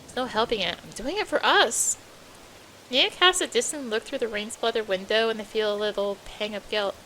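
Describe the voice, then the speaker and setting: A woman hosting a let's play, reading a visual novel aloud with steady expression, game music behind. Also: a little high, fairly quick, slight background noise.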